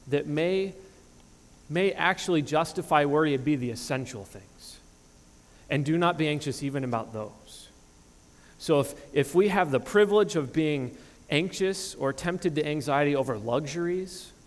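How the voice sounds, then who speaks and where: A man in his thirties with a slightly high voice preaches as pastor in a church sanctuary, the big-room sound around him. He's earnest and emphatic, often restarting his phrases.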